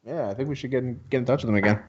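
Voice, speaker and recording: A man co-hosting a sports podcast in casual chat, jumping in with quick, eager remarks. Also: mid-range voice, dull audio, crowd noise. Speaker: podcast co-host.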